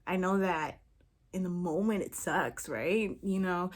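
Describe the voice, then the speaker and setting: A woman's voice: on the low side, unhurried. A woman talking to camera as a manifestation coach, frank and emphatic, swearing freely and checking in with the listener again and again. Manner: emphatic, keeps checking in with "okay?". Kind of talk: impromptu casual vlog talk.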